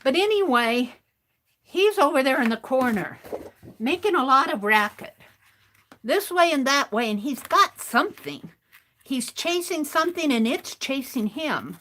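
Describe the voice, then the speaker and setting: A woman hosts a craft stream and tells a meandering story in a relaxed, chatty manner. Her voice sits a little high and moves freely up and down in pitch. She often doubles back and restarts her sentences as she goes. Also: a little slow, slight background noise. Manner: rambling, chatty, restarts phrases. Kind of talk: casual storytelling while crafting.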